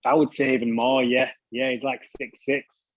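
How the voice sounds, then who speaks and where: A man's voice: mid-range voice, level tone, moderate pace, dry recording, poor audio. A British man telling stories as an interview guest, casually, swearing freely and laughing at himself. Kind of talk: casual storytelling.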